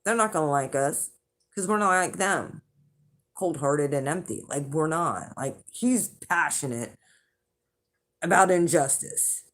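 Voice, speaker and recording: A woman with a fairly low-pitched voice tells a rambling, chatty story to her viewers. She swears freely, restarts her sentences and laughs along the way. Her delivery is loose and conversational. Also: expressive, unhurried. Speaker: channel host, intuitive reader. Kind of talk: casual storytelling to the camera.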